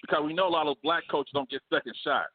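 A man co-hosting a casual sports debate, animated and slangy, laughing often. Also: fairly high pitch, quick pace. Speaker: podcast co-host. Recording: phone-like remote call audio.

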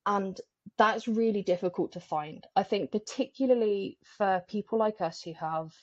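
A woman speaking as a podcast guest in a candid, animated way, often laughing between phrases. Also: medium pitch, normal speed, no room sound. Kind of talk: candid conversational interview. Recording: dry, slightly dull lo-fi sound.

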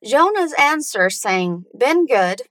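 A woman teaching English pronunciation, going slowly through phrases for learners to repeat after her. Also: high-pitched, big pitch swings, fairly bright tone, dry recording. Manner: slow, deliberate, stretching out words for learners to repeat.

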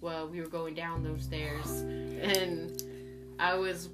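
A woman's voice: sits low, flat delivery, takes it slowly. A young woman co-hosting a casual chat, telling a story with plenty of swearing and laughing through it. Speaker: podcast co-host. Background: guitar music.

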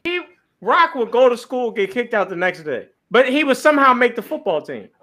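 A man's voice: extremely high pitch, very animated, a little fast, sharp tone. A man from Philadelphia telling a laid-back, profane story in casual chat.

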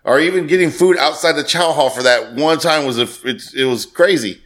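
A man's voice: a little high, a little fast, a bit bright. A man hosting a podcast, telling a story casually and swearing freely. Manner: swears freely, acts out quoted voices. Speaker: podcast host.

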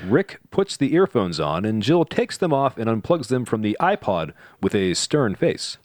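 A man's voice: on the low side, big pitch swings, normal speed, dry recording, clean studio sound. A man co-hosting a comedy podcast, chatting casually and reading stage directions in a rambling, jokey way. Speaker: podcast co-host, narrator.

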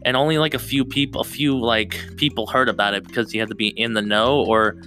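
A man's voice: medium pitch, steady tone, a little fast, sharp tone, soft background music. A young man hosting his own podcast, rambling casually and restarting his sentences often, close to the mic. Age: young adult. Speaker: podcast host. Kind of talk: solo podcast chat.

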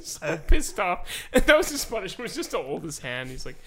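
Bright-voiced young man telling stories. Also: sits high, fairly quick, hardly any pauses. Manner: animated storyteller, acts out quoted voices, laughs often. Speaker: podcast co-host. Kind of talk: casual chat.

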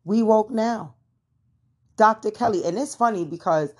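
A woman's voice: mid-range voice, unhurried, slightly rough. A young adult woman hosting her own show, casually telling listeners a personal faith testimony, addressing them as y'all with lots of fillers. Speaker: podcast host.

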